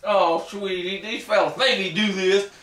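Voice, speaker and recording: A man's voice: a little high, lively intonation, moderate pace, bright, forceful tone, recorded from a distance. A man playing a boastful, simple-minded backwoods ex-soldier who rambles through a comic story in ungrammatical rural dialect, recorded in an echoey room away from the mic. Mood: pleading, panicky. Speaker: comic character. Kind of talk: comic character monologue. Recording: roomy echo, voice away from the mic.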